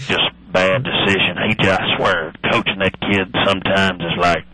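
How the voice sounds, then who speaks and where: A man's voice: low-pitched, little pitch movement, moderate pace, bright, forceful tone, husky, no echo, exaggerated voice, poor audio. A man doing a folksy old football owner. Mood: boastful joking. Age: older. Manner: rambling folksy one-liners with hesitant fillers. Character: aging male football team owner, boastful, folksy. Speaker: guest. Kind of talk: radio comedy impression.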